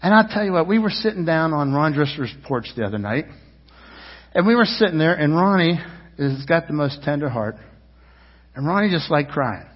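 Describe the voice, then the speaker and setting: Man, 50s, pastor: rambling storytelling sermon, loud and quiet in turns, husky voice, long church reverb. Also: animated, moderate pace. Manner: rambling, storytelling with restarts and asides; swings between loud emphasis and low, quiet lines. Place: church sanctuary. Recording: dull sound with long reverb, as in a church hall.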